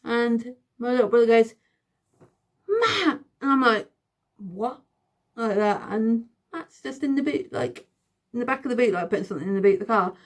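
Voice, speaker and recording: A woman in her thirties, telling a storytime vlog in an excitable, giggly, chatty way. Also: on the high side, fast talker. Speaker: vlogger. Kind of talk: casual storytime.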